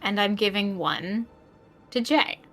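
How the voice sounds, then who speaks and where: A woman narrating a tabletop game scene and explaining the rules as she goes. Her voice is bright and her pace unhurried and measured. Faint music plays behind her. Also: mid-range voice, expressive. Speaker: player.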